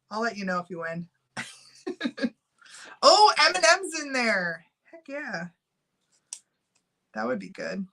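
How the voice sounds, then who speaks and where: A woman's voice: sits high, bright, forceful tone. A middle-aged woman chatting casually on a live stream, giggling often and reading out viewer names while she runs a giveaway.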